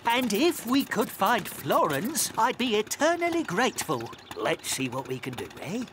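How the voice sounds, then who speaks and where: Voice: medium pitch, wildly swooping pitch, moderate pace, background noise. An actor voicing a grumpy male dog turned into a snail in a cartoon, huffy, exasperated and sarcastic. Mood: weary. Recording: cartoon soundtrack with music behind.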